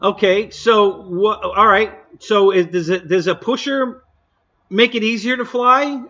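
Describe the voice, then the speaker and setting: A man's voice: high-pitched, measured pace, pushed and bright. A man hosting a live stream, chatting casually and bluntly, laughing often and answering viewers' comments. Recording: dull lo-fi stream audio.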